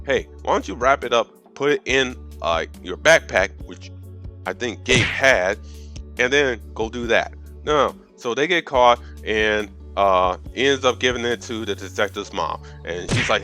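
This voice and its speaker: A man recapping a film for laughs in a profane, slangy way, jumping into quick voices for the characters. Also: mid-range voice, animated, pushed and bright, soft background music. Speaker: movie recapper. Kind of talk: comedic movie recap.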